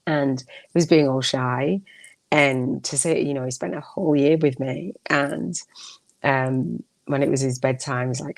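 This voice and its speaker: Gravelly-voiced woman podcast host. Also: a bass voice, steady tone, unhurried, no room sound. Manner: rambling, heartfelt, self-correcting. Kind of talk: casual monologue.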